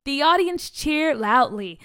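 A woman reading a children's story aloud in an expressive, animated way. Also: high voice, takes it slowly.

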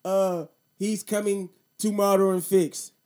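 A man's voice: high-pitched, little pitch movement, slow, warm tone. A man in his thirties hosting a casual show, telling a profane, slangy story and then talking about voting. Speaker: podcast host.

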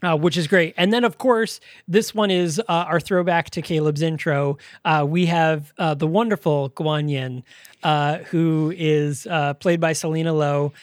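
A man talking over a movie on a podcast, his voice sitting a little high. He retells scenes with quoted dialogue, recorded close and dry with no room sound. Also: unhurried, no echo. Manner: animated scene retelling with acted-out quotes and laughs. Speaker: podcast co-host. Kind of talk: casual movie review chat.

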